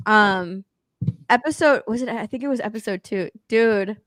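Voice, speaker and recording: A woman co-hosting a casual pop culture podcast, ranting about TV shows in an animated way, swearing freely and laughing as she talks. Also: mid-range voice, moderate pace, no room sound, studio quality. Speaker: podcast co-host.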